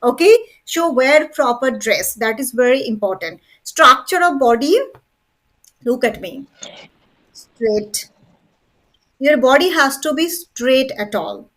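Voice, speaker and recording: A woman's voice: high voice, lively intonation, a little slow, fairly bright tone, low-quality recording. A woman teaching an English lesson over a video call, drilling word stress with emphatic repetition. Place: seated indoors at home desk. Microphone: online video call.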